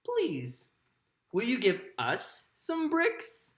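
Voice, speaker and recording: A woman voicing three polite little wolves in a storybook, asking gently and a little lower and quieter than her usual voice. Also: huge pitch swings, extremely slow, roomy sound, heavily acted.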